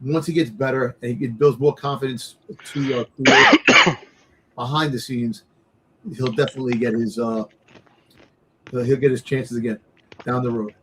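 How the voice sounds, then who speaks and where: A man co-hosting a casual wrestling podcast, excitable and rambling, often repeating words. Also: mid-range voice, a little slow, long pauses, slight background noise. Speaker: podcast co-host.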